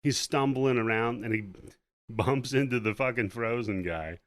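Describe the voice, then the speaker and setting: A man's voice: mid-range voice, a little slow, no room sound. A man hosting a podcast who casually recaps a movie scene by scene, swearing freely and acting out the characters' lines as he goes. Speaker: podcast host.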